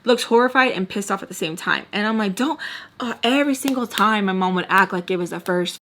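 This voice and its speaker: A woman's voice: mid-range voice, quick pace, fairly bright tone, a little hiss or hum. A woman in her twenties telling a personal story casually on her channel, heated and profane, rambling with lots of fillers.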